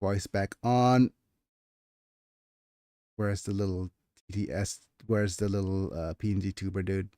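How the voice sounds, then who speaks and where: A man hosting a casual livestream about his own writing, chatty and quick to correct himself. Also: sits low, fairly even intonation, warm tone, dry recording, clean studio sound. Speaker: streamer and author.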